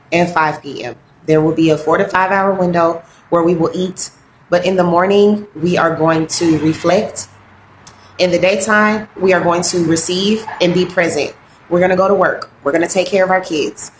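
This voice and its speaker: A woman with a lowish voice gives an earnest wellness talk, heartfelt and halting as she fights back tears. Her voice rings around a roomy, echoey space with faint ambient noise behind. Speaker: wellness coach.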